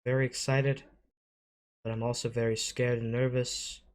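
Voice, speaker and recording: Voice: medium pitch, little pitch movement, normal speed. A young adult hosting an anime reaction video, gasping, exclaiming and swearing at the screen. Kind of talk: emotional reaction commentary.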